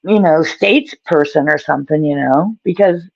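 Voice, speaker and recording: A man's voice: a little high, normal speed, vocal fry, darkish tone, no echo. A man chatting as a guest on a video call, rambling and self-deprecating, often trailing off mid-thought. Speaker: guest author. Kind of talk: casual video call chat. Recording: dull lo-fi call audio.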